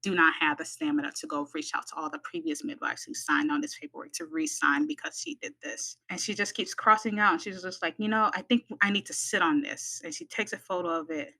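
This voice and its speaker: Bright-voiced woman telling a story. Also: lowish voice, fast talker, hardly any pauses, poor audio. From United States. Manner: animated, acts out quoted voices. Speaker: midwifery student. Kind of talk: personal storytelling in a podcast.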